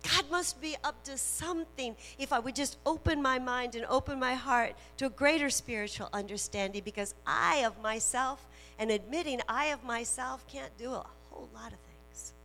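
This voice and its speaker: A woman minister preaching a sermon in a slow, emphatic way, repeating her key phrases. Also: high-pitched, pushed and bright. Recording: reverberant hall with faint music and hum.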